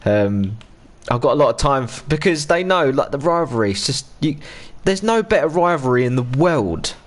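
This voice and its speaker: A man's voice: medium pitch, very animated, moderate pace. An English man in his thirties chatting casually on a live stream while gaming, ranting and swearing freely.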